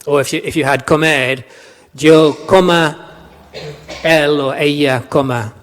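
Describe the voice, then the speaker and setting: A man's voice: a little high, fairly even intonation, unhurried, slight background noise. Chatty lecturing man in an echoey hall. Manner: chatty, repeats words, asks the class questions. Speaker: language lecturer. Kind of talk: classroom lecture. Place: lecture room. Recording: long reverb of a lecture hall.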